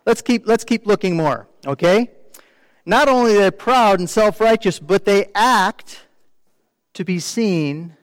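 A man preaching a sermon in a high voice, talking to the congregation conversationally and often asking them questions. His voice carries a long reverb from a big room, but the sound close to the mic is dry. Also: animated, unhurried. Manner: mimics complainers in quoted asides. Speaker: pastor.

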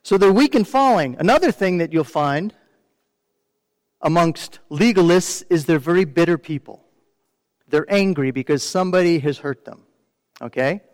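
A man preaching a sermon in a high voice, talking to the congregation conversationally and often asking them questions. His voice carries a long reverb from a big room, but the sound close to the mic is dry. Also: animated, moderate pace, pauses often, darkish tone. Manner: mimics complainers in quoted asides. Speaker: pastor.

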